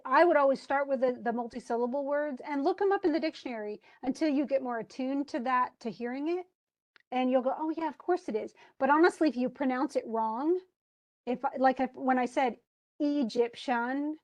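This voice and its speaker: A woman's voice: high voice, a little fast, darkish tone. A woman tutoring a student one-on-one, chatty and patient, explaining with spoken examples and laughing easily. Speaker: English instructor.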